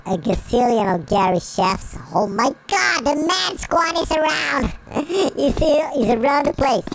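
A performer voicing a cheeky, excitable cartoon chipmunk who gives Roblox let's play commentary through a sped-up, high-pitched chipmunk effect. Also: poor audio. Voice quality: squeaky, giggly, exclamatory. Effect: sped-up high chipmunk pitch shift.

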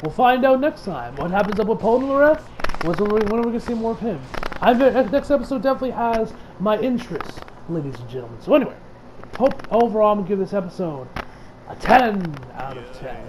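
A man giving a casual, rambling and profane recap of an anime episode, with lots of filler words and bursts of excitement. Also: high voice, background noise. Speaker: anime reviewer.

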